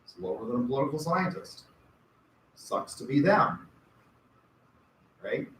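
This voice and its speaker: A man's voice: medium pitch, very animated, a little slow, fairly bright tone. A male college lecturer giving a conversational classroom lecture with wry, rambling asides. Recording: echoey classroom from far off, faint hiss.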